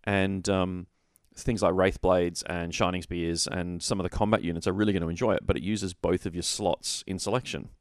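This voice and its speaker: A man with a very low voice talks through game rules in a loose, rambling way, restarting his sentences and weighing options aloud. He sounds opinionated but relaxed, as in casual hobby chat. The recording is dry and close, with no room sound. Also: moderate pace, hardly any pauses, clear, resonant tone, no echo. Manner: rambling, self-correcting, opinionated. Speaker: podcast co-host. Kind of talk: casual tabletop wargaming chat.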